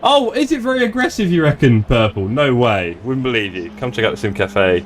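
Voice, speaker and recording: A man's voice: medium pitch, sing-song, fairly quick, hardly any pauses. A man chatting casually and joking at his own expense while live-streaming a sim race. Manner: chatty, joking, self-deprecating. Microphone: desktop streaming mic.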